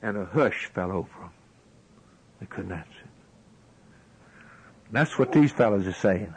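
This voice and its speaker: Male preacher, husky voice, emphatic rising cadence, rhetorical questions, sermon delivery. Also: on the low side, expressive, a little slow, long pauses, low-quality recording.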